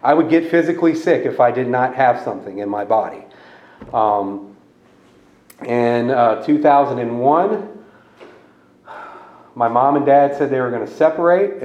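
A man's voice: medium pitch, moderate pace. A man candidly telling his own recovery story, wry and laughing at himself, from Louisiana. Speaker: speaker sharing a recovery story. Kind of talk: personal testimony talk. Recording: dull echoey room sound.

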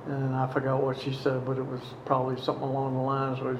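A man telling his own story, slowly and haltingly, with many pauses. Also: medium pitch, monotone, reverberant, highs cut off, background noise. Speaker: storyteller recounting past addiction. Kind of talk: personal testimony.

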